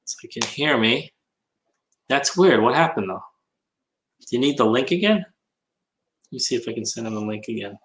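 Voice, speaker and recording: A man's voice: mid-range voice, animated, moderate pace, long pauses, a bit bright, slight background noise, poor audio. A man on a casual livestream hangout, chatting and reading comments while he works, often muttering to himself.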